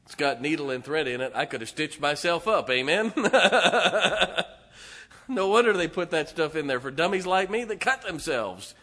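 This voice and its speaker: A middle-aged man, a pastor telling a folksy, animated story to his congregation with laughs and asides. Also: a little high, fairly quick, few pauses. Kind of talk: storytelling sermon. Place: church sanctuary.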